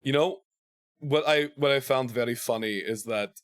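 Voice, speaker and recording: A man's voice: mid-range voice, moderate pace. A man hosting his own game stream, tired after days of streaming, joking and self-mocking as he greets viewers. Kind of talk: casual banter while streaming a game.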